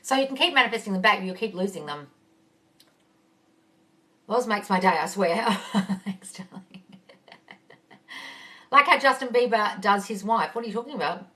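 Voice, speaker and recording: A woman's voice: fairly high pitch, sharp tone, distant mic. A woman coaching on a phone live stream, reading viewer questions aloud and answering them bluntly and casually, calling everyone darling and swearing freely. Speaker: manifesting coach.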